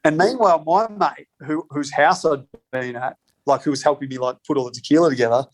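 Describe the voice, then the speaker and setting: A man's voice: a little high, a little fast. A man in a podcast interview, telling rambling stories with heavy swearing and laughs between lines. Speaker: podcast guest, spirits company co-founder. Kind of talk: casual storytelling.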